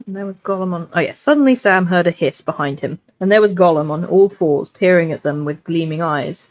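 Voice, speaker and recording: A woman's voice: lowish voice, a little fast, no echo. A woman reading a novel aloud on a livestream, chatty and scattered, with asides, over a desk mic. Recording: lo-fi livestream audio.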